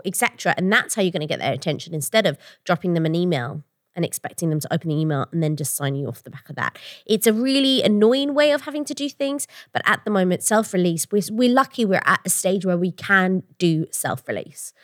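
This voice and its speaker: A woman's voice: fairly low pitch, lively intonation, quick pace, dry recording, studio quality. A woman with an English accent and the odd Canadian-sounding word, co-hosting a casual podcast and telling rambling stories with a lot of "like"s. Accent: English, with odd Canadian-sounding words. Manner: chatty, rambling storyteller with many "like"s; swears freely while joking. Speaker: podcast co-host.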